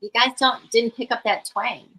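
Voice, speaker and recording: A woman's voice: fairly high pitch, fairly even intonation, normal speed, creaky, bright, forceful tone, poor audio. A woman guest on a livestream chat, chatting casually and laughing often.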